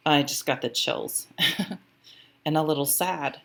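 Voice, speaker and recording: A woman's voice: deep voice, takes it slowly, gravelly, fairly bright tone. A woman giving a casual tarot reading to camera, chatty and rambling, getting emotional at times and swearing freely. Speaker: tarot reader.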